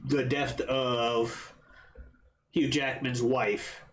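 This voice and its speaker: A podcast co-host, watching a film for the first time, chats casually about it afterward, rambling and swearing as he acts out his own reactions. He has a medium-pitched, level male voice and draws out his words.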